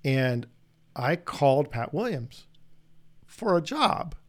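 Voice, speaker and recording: A middle-aged man hosting an interview, telling long, animated anecdotes in a casual, rambling way. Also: fairly high pitch, slow pace. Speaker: podcast host.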